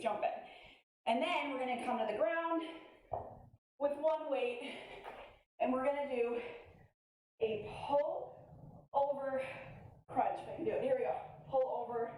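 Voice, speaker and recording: A woman's voice: a little high, darkish tone. A woman fitness instructor coaching a weights workout, upbeat and encouraging, a little out of breath between cues. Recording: very echoey, from far off.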